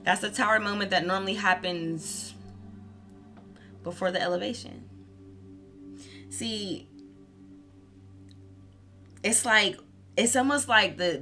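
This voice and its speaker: A woman's voice: mid-range voice, sharp tone. A woman giving a casual tarot reading, candid and profane, laughing often as she talks. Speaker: tarot reader.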